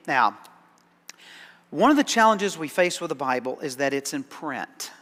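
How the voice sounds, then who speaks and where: A man's voice: fairly high pitch, lively intonation, brisk, bright, forceful tone, long reverb tail. A man preaching a sermon as pastor, conversational and dryly sarcastic, often repeating words as he starts a thought. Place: church sanctuary.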